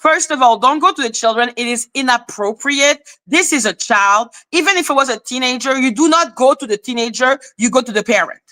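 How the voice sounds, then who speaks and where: A woman hosting a casual live stream, telling a gossip story in an animated, exasperated way and swearing freely. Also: high voice, a little fast, few pauses.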